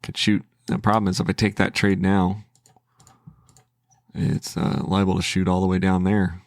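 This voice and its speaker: A man with a low, gravelly voice talks himself through his trading as a channel host, casual and hesitant. He starts sentences over and thinks aloud. The sound is dry and close, with no room around it. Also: flat delivery, moderate pace, no room sound. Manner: thinking aloud, hesitant, with restarts and self-talk.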